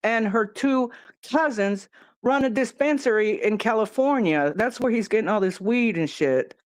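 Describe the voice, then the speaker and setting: Middle-pitched rambling chatterbox, casual swearing, dry close sound. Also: animated, normal speed, dry recording. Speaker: friend in conversation. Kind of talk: casual chat.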